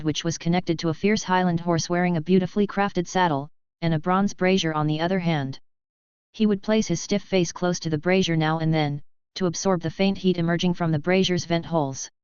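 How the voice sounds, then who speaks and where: A woman narrating an audiobook with a steady, even reading style. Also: lowish voice, smooth, no echo, dull audio. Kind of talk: scripted narration.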